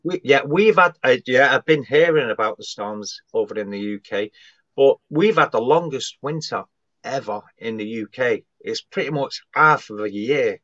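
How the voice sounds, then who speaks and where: Guy on a muffled dry video call, rambly and halting, lots of restarts. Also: medium pitch, animated, fairly bright tone, no echo. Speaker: psychic medium, guest. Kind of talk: casual live-stream chat.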